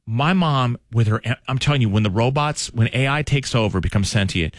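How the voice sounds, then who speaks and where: A man hosting a casual morning show, telling stories and teasing his cohosts in a lively way. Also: medium pitch, fairly quick, no echo, studio quality. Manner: animated, teasing storyteller. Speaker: radio show host.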